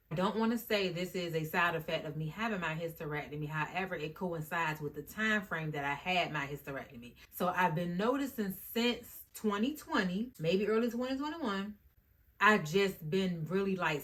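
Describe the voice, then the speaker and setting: A woman with a fairly low speaking voice chats straight to her camera as a vlogger. She is animated and informal, and she keeps turning to her viewers as "y'all" and "guys". Her tone is loose and conversational. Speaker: YouTube vlogger. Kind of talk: casual talk to camera.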